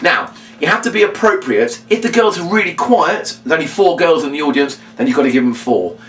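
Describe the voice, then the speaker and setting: A middle-aged man teaching a children's magic routine, animated and acting out his patter lines. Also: brisk. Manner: animated, jumps into a high shouty kids'-show voice for demo lines. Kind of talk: instructional talk with acted-out patter. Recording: echoey room, mic at a distance.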